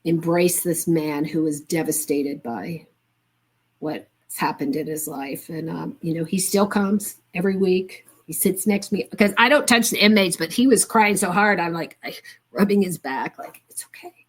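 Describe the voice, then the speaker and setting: An older woman with a somewhat low voice speaks as a guest on a talk show. She tells her story in an earnest, heartfelt way and keeps it conversational. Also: normal speed, husky. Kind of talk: casual conversation.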